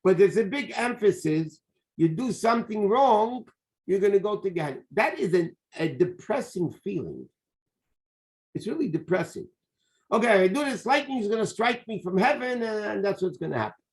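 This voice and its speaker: A man, a rabbi, teaching a lively Torah class, repeating key phrases and sprinkling in Hebrew and Yiddish terms. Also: sits high, normal speed.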